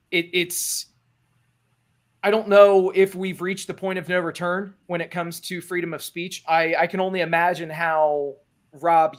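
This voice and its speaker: A man co-hosting a casual podcast chat who rambles and restarts his sentences. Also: a little high. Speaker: podcast co-host.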